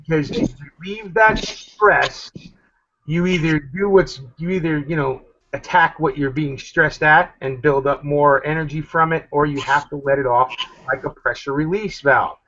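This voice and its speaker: A man with a fairly high voice chatting loosely on an internet talk show. He rambles and gives shout-outs to listeners. The sound is dull and lo-fi. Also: normal speed. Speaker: podcast host. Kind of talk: casual chat.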